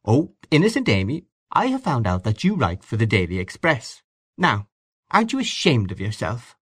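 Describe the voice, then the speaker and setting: A man's voice: mid-range voice, huge pitch swings, moderate pace, a bit bright, slightly rough, heavily acted. A man voicing a frank, talkative young woman who questions bluntly and insistently in a storybook reading. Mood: indignant.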